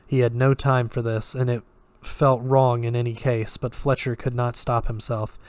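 A man reads a horror story aloud in a measured, steady way, now and then tripping over a word. His voice sits at an ordinary male pitch and stays flat. The recording is close and dry, with no room sound. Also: no echo. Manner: measured and steady, with occasional slips. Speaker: story reader.

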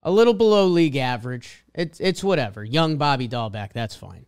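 Lively Boston-accented man reading stats. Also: mid-range voice, brisk, smooth. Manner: reads stat lines with emphatic swings. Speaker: podcast co-host. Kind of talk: casual sports chat.

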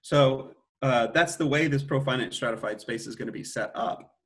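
A man's voice: mid-range voice, normal speed, fairly bright tone. A middle-aged man giving an academic mathematics lecture, thinking aloud with frequent restarts and self-corrections.

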